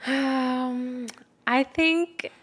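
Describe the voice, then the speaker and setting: A woman's voice: sits high, steady tone, extremely slow, a bit bright. A young woman co-hosting a podcast, telling a long story in a loose, rambling way, peppered with fillers and casual swearing. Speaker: podcast co-host. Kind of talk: casual chat.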